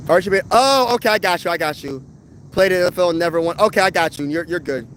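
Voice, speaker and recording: A high-pitched young man from Pennsylvania riffs on football in loose, slangy chat. He fires off rhetorical questions and keeps an easy, animated flow. A faint hum sits beneath his voice. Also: quick pace, poor audio. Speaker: sports talk livestream host. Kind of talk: casual live chat reading viewer comments.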